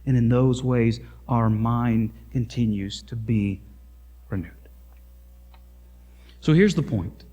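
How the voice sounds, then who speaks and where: A man from Missouri with a Missouri accent preaching a sermon as pastor, earnest and emphatic, becoming lively in his asides. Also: mid-range voice, takes it slowly, long pauses. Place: church sanctuary. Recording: long church reverb.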